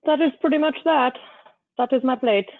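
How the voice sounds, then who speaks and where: A woman guest chef chatting casually while plating food, easygoing and quick to laugh. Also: high-pitched, no room sound. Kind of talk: casual chat while cooking. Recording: thin phone-like sound, dry.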